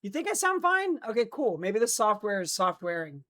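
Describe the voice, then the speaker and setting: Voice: mid-range voice, very animated, moderate pace, a bit bright. A livestream host chatting casually with viewers and reading news stories, sounding drowsy after just waking up and restarting lines after slips, on a noise-cancelled streaming mic. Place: indoor streaming setup in Los Angeles.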